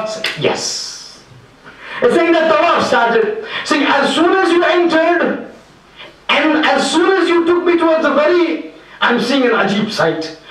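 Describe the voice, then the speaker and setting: A man's voice: very high-pitched, fairly bright tone. A man preaching a sermon, telling a story with feeling and acting out the dialogue of its people. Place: Islamic center lecture hall. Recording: echoey hall, mic far off.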